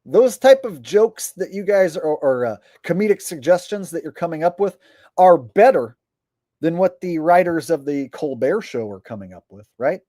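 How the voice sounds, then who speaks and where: A man's voice: a little high, expressive, moderate pace, mellow, dry recording. A man streaming on YouTube, chatting casually to his viewers, rambling with frequent "uh" fillers.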